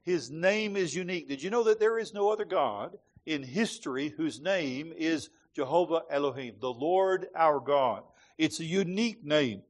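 A man's voice: on the high side, lively intonation, normal speed, hardly any pauses. A man preaching a sermon to a congregation with a rhythmic, emphatic cadence.

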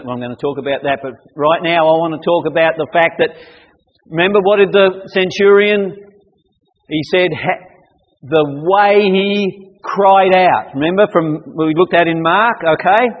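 A male preacher with a high voice delivers a sermon to a young audience. He talks in an animated way and breaks into sudden loud acted-out cries. His voice rings with the long reverb of a large hall. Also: dull audio.

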